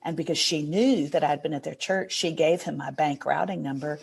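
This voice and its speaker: A woman with a low, husky voice tells a heartfelt story as a podcast guest. She speaks in an earnest, gushing way, and she is middle-aged. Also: normal speed. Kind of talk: storytelling in a casual interview.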